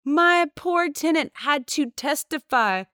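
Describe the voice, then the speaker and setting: A woman's voice: sits high, animated, takes it slowly, a bit bright, no room sound, studio quality. A woman, a podcast guest telling a story casually, swearing freely and acting out the voices of the people in it. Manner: candid, profane, acts out quoted dialogue.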